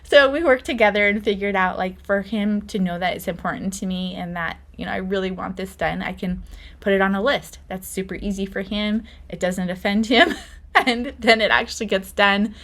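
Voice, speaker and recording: A woman's voice: mid-range voice, moderate pace, fairly bright tone. A middle-aged woman hosting a podcast, telling stories in a chatty, casual way and laughing often. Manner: chatty storytelling with frequent laughter. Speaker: podcast host.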